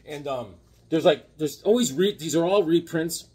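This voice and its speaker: A man in his fifties chatting casually about his comic books, animated and jokey with sudden loud outbursts. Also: fairly high pitch, normal speed, breathy edge. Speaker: comic book collector. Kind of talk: casual chat showing comics.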